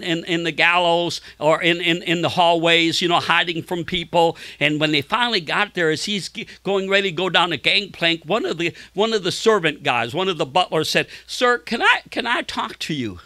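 Casting: male pastor, high bright voice, fervent preacher who stumbles and repeats, dry close mic. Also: no echo. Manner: impassioned preaching with many repeated words and restarts; acts out quoted voices in a much higher, louder tone. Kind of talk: sermon.

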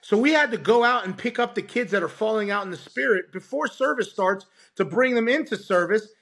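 A man's voice: high-pitched, a little fast, slightly rough. A man, a pastor, telling a testimony as a podcast guest and acting out the voices of the people in it. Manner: animated, acts out quoted voices. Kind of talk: storytelling testimony.

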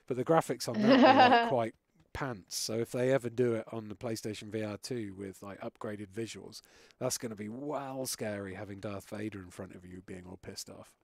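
A British man hosting a live game stream chats casually in an expressive voice on the low side, at a normal pace. He's jokey and chatty and swears freely. There's no echo on the recording.

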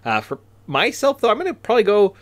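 Male podcast host, animated delivery, dry booth sound, rambling casual talk. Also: high-pitched, fast talker, no room sound. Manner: rambling, tag questions. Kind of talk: casual chat. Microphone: podcast mic.

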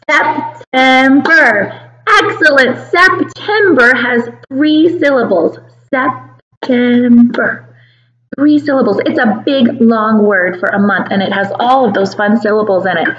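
High-voiced kindergarten teacher, slow and sing-song. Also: female voice, fairly bright tone, reverberant, rough recording. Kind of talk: calendar lesson for young children.

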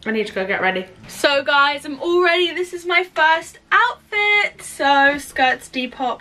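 Young woman, daily vlogger, a bit high, chatty and self-deprecating. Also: animated, normal speed, background noise. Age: young adult. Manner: rambling, self-mocking and chatty. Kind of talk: casual vlog chatter. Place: home, indoors.

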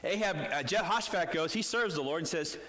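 A man's voice: high voice, fairly quick, pushed and bright. A man preaching a sermon as pastor, telling a story with animation and putting questions to the congregation.

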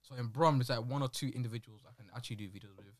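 A young man guesting on a podcast, chatting casually in slang, with loud teasing outbursts. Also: medium pitch, racing, dry recording, studio quality. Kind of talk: casual chat.

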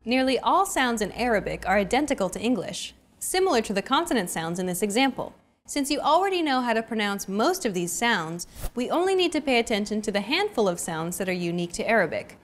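A woman's voice: fairly high pitch, very animated, brisk. A woman hosting a language lesson, reading a scripted explanation and cheering learners on with short prompts. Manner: bright, encouraging teacher prompts.

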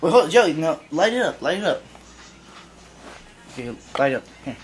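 A man's voice: a little high, big pitch swings, moderate pace. A young man in a room bossing his friends around in slangy, crude banter. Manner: bossy, slangy, urging others on. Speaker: friend in a home video. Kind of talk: rowdy casual banter. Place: indoor room. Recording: very noisy home camcorder audio.

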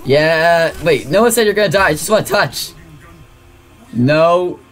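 An excitable let's-play host whose voice leaps up and down in pitch. The delivery is unhurried, with drawn-out remarks between bursts of shrieking laughter. Faint game music plays underneath. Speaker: gaming video host.

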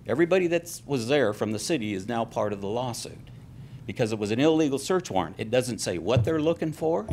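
A man's voice: mid-range voice, lively intonation, a little fast, darkish tone, slight background noise. An older man speaking as a public commenter at a city council meeting, aggrieved and emotional. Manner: aggrieved, grows agitated and emotional.

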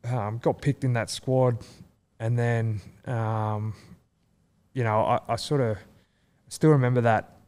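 A man's voice: mid-range voice, steady tone, slow pace, darkish tone, clear, resonant tone. An Australian man in his thirties, a rugby league player chatting as a guest, rambling with many fillers and restarts. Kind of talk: casual chat.

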